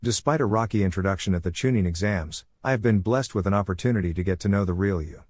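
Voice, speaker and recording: A confident young groom gives his wedding vows, voiced by a man narrating the story. His tone is low and dry, with a close, roomless sound. The reading stays plain and even. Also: quick pace, husky, dry recording. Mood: affectionate.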